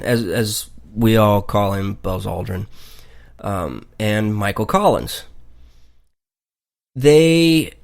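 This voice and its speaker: A man hosting a radio talk show, rambling and joking with many fillers and asides. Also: medium pitch. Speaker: radio host.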